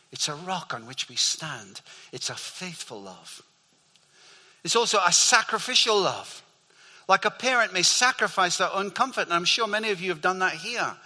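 A man's voice: on the high side, sharp tone. An older man preaching a sermon, earnest and fond of repeating his key phrases for emphasis. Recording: hall reverb.

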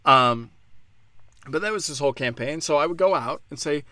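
A man's voice: a little high, expressive, normal speed, sharp tone, dry recording. A man from Pennsylvania delivering a solo political rant, profane and mocking, firing off sarcastic rhetorical questions.

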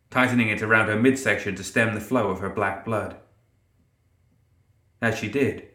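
A man narrating a dark fantasy story in a steady, dramatic way. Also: fairly low pitch, reverberant. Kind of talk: scripted narration.

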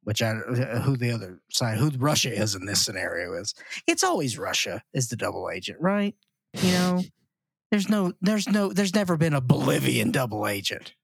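A man's voice: medium pitch, very animated, moderate pace, creaky, slightly rough, no echo, studio quality. A middle-aged man co-hosting a podcast in casual chat, rambling and joking at his own expense. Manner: rambling, jokey, self-mocking. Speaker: podcast co-host.

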